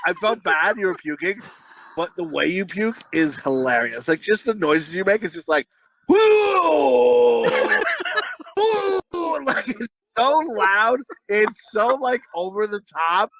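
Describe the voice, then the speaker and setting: A man's voice: high-pitched, animated, moderate pace, pushed and bright, no echo, low-quality recording. A man co-hosting a podcast, telling crude stories in a casual, laughing way and acting out the voices. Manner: crude, laughing storyteller who acts out voices. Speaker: podcast co-host. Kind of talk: casual comedic chat.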